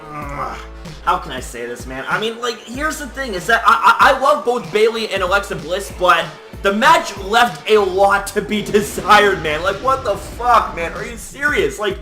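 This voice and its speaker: Young male recap host, high lively voice, roomy sound with faint music underneath. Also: normal speed. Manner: animated, swears a lot, filler-heavy. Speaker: wrestling commentator, channel host. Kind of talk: casual video recap. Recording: echoey room with faint music.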